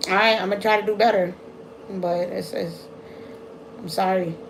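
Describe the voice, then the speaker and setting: Woman, tarot reader on a live stream; fast, casual, chatty delivery, faint background noise. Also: mid-range voice, steady tone.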